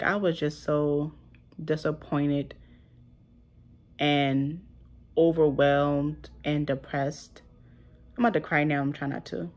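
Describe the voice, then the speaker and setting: Low gravelly young woman telling a story. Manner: emotional, rambling, heavy use of "like". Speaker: vlogger. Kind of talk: casual storytelling to camera.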